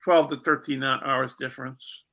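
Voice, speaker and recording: Gravelly, bright-voiced American man rambling. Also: medium pitch, steady tone, normal speed, a little hiss or hum. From United States. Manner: rambling, hesitant, many restarts. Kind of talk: casual livestream chat.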